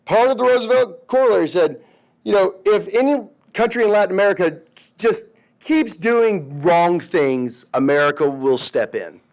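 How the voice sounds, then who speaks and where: A man's voice: sits high, expressive, normal speed. A male history teacher giving a casual, conversational classroom lecture, often checking in with his students.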